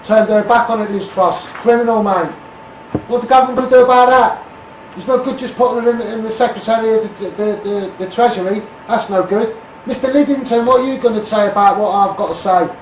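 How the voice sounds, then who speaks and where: A man's voice: sits high, a little fast, a little hiss or hum. Blunt Scouse man ranting, roomy and distant. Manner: blunt, repetitive, calls people out by name and asks "mate". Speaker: street campaigner. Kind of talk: ranting political monologue.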